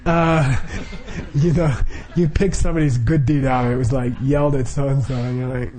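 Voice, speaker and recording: A man's voice: mid-range voice, steady tone, moderate pace, a little mellow. A middle-aged man leading a Buddhist group, explaining the practice informally with frequent chuckles, fillers and restarts.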